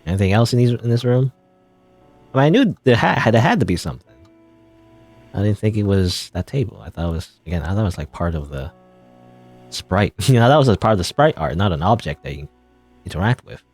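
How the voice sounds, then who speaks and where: A man's voice: fairly low pitch, lively intonation, fairly quick, pauses often, a little mellow, no room sound, faint music behind. A man giving casual gameplay commentary, rambling and chuckling as he thinks aloud. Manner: rambling, chuckling, self-interrupting. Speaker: let's play gamer.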